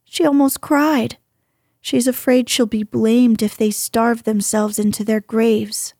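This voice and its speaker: An indignant older housekeeper complains in an exasperated, fussing way, voiced by a woman reading a storybook. Her voice is husky and mellow. She speaks slowly. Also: on the high side, fairly even intonation, dry recording, clean studio sound.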